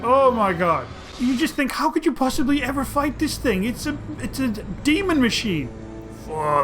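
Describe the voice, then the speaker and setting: A man giving excitable, profane gameplay commentary, often breaking into loud outbursts, over game music. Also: high voice. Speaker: let's play host.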